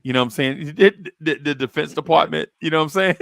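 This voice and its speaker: A man's voice: fairly high pitch, quick pace, gravelly, no echo. A man hosting a casual sports podcast, telling stories and acting out the people in them. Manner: animated storyteller, acts out quotes. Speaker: podcast host.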